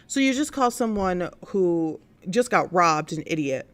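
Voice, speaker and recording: A woman's voice: lowish voice, lively intonation, measured pace. A woman hosting a casual commentary stream, blunt and exasperated, rambling with many fillers. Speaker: host of a news and commentary stream.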